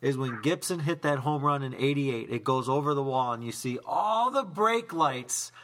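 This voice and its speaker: A man's voice: medium pitch, animated, normal speed, a bit bright. A man hosting a casual talk show, asking direct questions and giving firm opinions. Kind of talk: casual chat.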